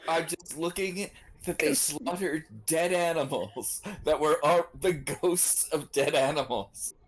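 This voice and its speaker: A man's voice: on the high side, unhurried, rough recording. A man playing a tabletop game, joking wryly with the table. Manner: wry, joking. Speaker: player. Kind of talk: casual chat at a game table.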